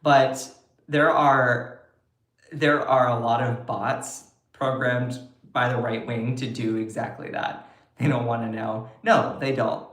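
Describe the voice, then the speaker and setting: A man's voice: mid-range voice, fairly even intonation, slow, a bit bright, roomy sound. A man doing casual political commentary on a livestream, chatty and sarcastic as he answers comments from his chat.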